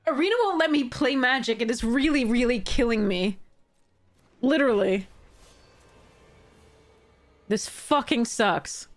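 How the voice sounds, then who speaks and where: A woman commenting on her own card game, exasperated and swearing, with sudden high-pitched outbursts. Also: normal speed. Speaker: streamer playing a card game. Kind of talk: frustrated gameplay commentary.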